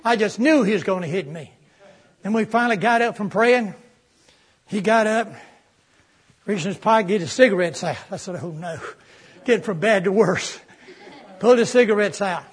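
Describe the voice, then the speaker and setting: A pastor telling a story in a sermon, in a folksy, animated way with touches of humor. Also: male voice, high-pitched, fairly quick, pauses often, slightly rough.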